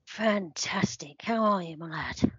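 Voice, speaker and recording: Someone voicing an odd, dry male stats guru, delivering deadpan one-liners on a comedy podcast. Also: medium pitch, measured pace, husky, dry recording. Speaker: regular segment judge. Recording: slightly dull lo-fi sound.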